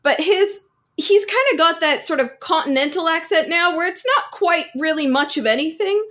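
A woman's voice: extremely high pitch, normal speed, fairly bright tone. A woman podcast co-host in casual chat, blunt and emphatic.

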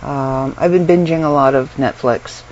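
A woman's voice: extremely low pitch, normal speed, a little mellow. A middle-aged woman from Canada, unwell and tired, chatting casually in a rambling way from her bedroom, with lots of ums and little laughs. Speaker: vlogger. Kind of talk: casual chat to camera. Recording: dull lo-fi sound with faint room noise.

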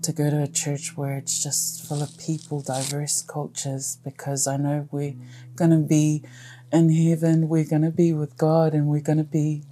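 A woman's voice: sits low, completely flat delivery, moderate pace, warm tone, faint music behind. A woman, a family caregiver, telling her story frankly and from the heart. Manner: heartfelt, frank, laughs through hard memories. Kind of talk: candid personal storytelling.

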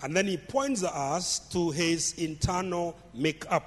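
A man preaching a midweek sermon in a fairly high voice, pressing his points by repeating phrases. His words ring out with a long reverb trailing behind them, as if he is in a church hall. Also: slow pace, breathy edge. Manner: emphatic, repeats phrases for stress. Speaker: pastor.

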